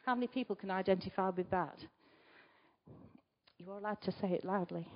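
Lady preaching, chatty, keeps asking the room questions, goes loud then quiet, bit muffled recording. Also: on the low side, steady tone, brisk. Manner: chatty, asks the listeners rhetorical questions; swings between loud emphasis and quiet asides. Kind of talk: conversational sermon. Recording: slightly dull recording.

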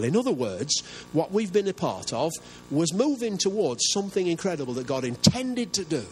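Older male pastor, emphatic sermon delivery, animated pitch, slightly high voice. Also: moderate pace, a little hiss or hum, rough recording. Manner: earnest, emphatic preaching with rhetorical questions.

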